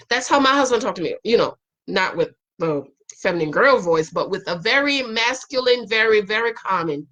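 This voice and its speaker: A middle-aged woman chatting casually as she recaps a reality show, animated and acting out what others say. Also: mid-range voice, normal speed, lo-fi sound.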